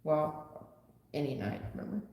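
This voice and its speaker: A woman's voice: deep voice, big pitch swings, moderate pace, a little mellow. A woman tarot reader chatting bluntly with viewers on a live stream. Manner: blunt, chatty, talks straight to the chat. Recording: echoey room with long reverb.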